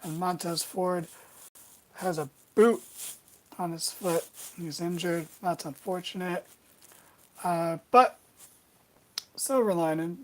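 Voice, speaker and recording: A woman with a fairly low voice talks through a wrestling recap in a loose, casual way. She wanders between points and keeps dropping in wry, sarcastic little asides. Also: poor audio.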